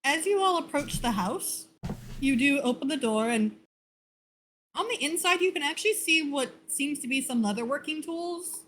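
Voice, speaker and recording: A woman runs a tabletop game in a high, easygoing voice. She narrates scenes and chats with players. A faint ambience sits behind her. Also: animated, moderate pace, fairly bright tone, a little hiss or hum, rough recording. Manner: casual, laughing asides. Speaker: game master.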